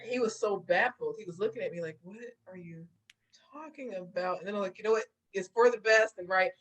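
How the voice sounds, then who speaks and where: A woman's voice: medium pitch, a little fast, slight background noise, low-quality recording. A woman guest in a casual interview, telling stories with lots of laughter and acting out what people said. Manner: animated storyteller, laughs often, acts out voices. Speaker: guest therapist.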